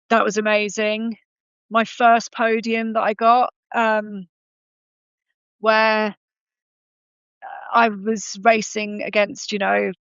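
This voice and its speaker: A woman's voice: mid-range voice, a bit bright, smooth, no room sound, highs cut off. A woman in her thirties, a podcast guest, telling her story in a conversational way with frequent ums and self-corrections.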